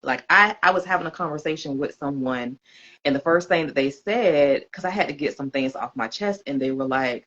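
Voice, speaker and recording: A woman's voice: deep voice, fairly quick, a bit bright, dull audio. A woman hosting a podcast, responding to her guest in an affirming, emotional way. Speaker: podcast host. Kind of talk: conversational interview.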